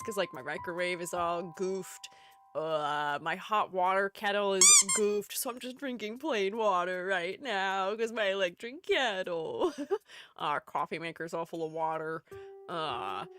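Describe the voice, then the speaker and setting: On her live stream, a young woman who works as a streamer and art educator chats casually, rambling playfully and often dissolving into giggles. Her voice sits lowish with a slight brightness.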